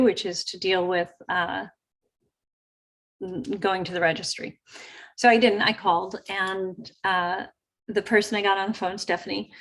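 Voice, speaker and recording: A woman hosting a show, telling a personal story in a chatty, lively way and acting out the quotes. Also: mid-range voice. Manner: chatty, animated retelling with acted quotes. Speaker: host. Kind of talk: casual storytelling.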